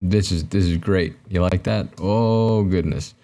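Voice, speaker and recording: A man's voice: sits low, measured pace, mellow. A young man hosting a podcast alone, talking to his camera in a rambling, self-mocking way with lots of fillers and restarts. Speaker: podcast host. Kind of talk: solo comedic monologue to camera. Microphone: camera mic, recording himself.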